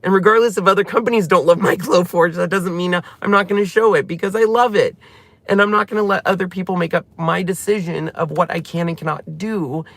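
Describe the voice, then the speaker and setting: Heartfelt male vlogger near tears, rambling and gravelly, close dry mic. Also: high-pitched, steady tone, brisk, fairly bright tone, dry recording. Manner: tearful, heartfelt, rambling retelling. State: emotional, close to crying. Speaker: channel host. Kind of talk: emotional personal vlog talk.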